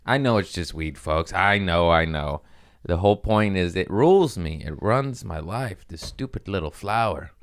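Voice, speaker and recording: Excitable low-voiced man, caffeine-wired comic rambling. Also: moderate pace. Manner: excitable, profane, laughs often, jumps topics. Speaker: comedian podcast host. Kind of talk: casual rambling solo monologue. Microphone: studio microphone.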